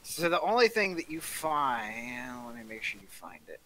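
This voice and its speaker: A man running a tabletop game as dungeon master, describing rooms in a casual, halting way over voice chat. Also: mid-range voice, big pitch swings, noisy background.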